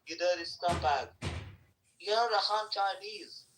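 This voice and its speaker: A man arguing hard in a voice chat, taunting and insulting the other side without letup. His voice sits a little high and comes through bright. He is picked up from a distance off the mic. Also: unhurried, a little hiss or hum. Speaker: participant in a live voice chat. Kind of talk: heated argument.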